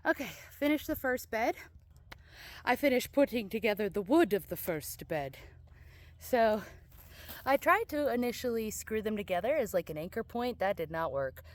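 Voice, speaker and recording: A woman's voice: fairly high pitch, sing-song, normal speed. A young adult woman chatting casually in a vlog while working in her yard, rambling and swearing freely, a little out of breath, recorded on a handheld camera outdoors. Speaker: vlogger.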